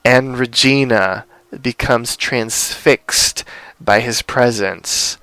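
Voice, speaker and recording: A young man rambles through a TV episode recap with plenty of fillers, slipping into the characters' lines as he goes. His voice is smooth and resonant, recorded dry and close with no room sound. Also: mid-range voice, extremely slow, sharp tone, no room sound. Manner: rambling, lots of fillers, acts out quotes. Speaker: podcast co-host recapping a TV episode. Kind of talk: casual recap chat.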